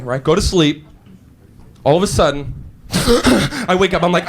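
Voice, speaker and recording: Hyper high-voiced male stand-up comic. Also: normal speed, a little hiss or hum. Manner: animated, hyper, bursts into shouting while acting out scenes. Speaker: stand-up comedian. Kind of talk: stand-up comedy. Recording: live show with crowd laughter.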